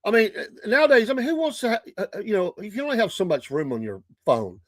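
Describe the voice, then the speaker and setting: Lively chatty older Southern man. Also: high voice, quick pace, dry recording, clean studio sound. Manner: chatty, laughs often, animated retelling. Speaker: morning show host. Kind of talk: casual storytelling monologue.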